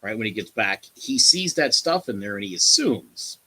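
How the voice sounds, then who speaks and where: A middle-aged man co-hosting a podcast, telling a long neighbor story in casual chat, profane and loud when he acts out what he said. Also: fairly low pitch, moderate pace, husky. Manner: animated, profane, acts out quotes loudly. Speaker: podcast co-host.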